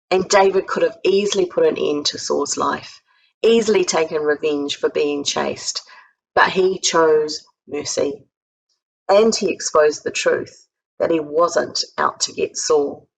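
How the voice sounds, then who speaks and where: A woman with a New Zealand accent preaches a sermon in a low voice with a gravelly edge. She tells the story with energy and raises her voice to act out each quoted line. A faint hiss sits under the recording. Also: low-quality recording. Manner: lively storytelling, acting out quoted lines with a raised voice. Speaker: guest speaker. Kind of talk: sermon retelling a Bible story. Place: home recording for an online church service.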